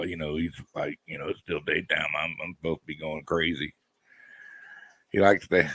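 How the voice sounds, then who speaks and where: A man's voice: deep voice, low-quality recording. A man chatting casually with viewers on a live stream, easygoing and rambling. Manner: easygoing, rambling, laid-back.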